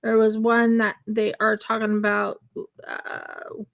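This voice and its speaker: A woman's voice: on the high side, completely flat delivery, takes it slowly, gravelly, dull audio. A woman chatting casually and rambling on a live stream while she crafts. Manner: chatty and rambling, with laughs and fillers.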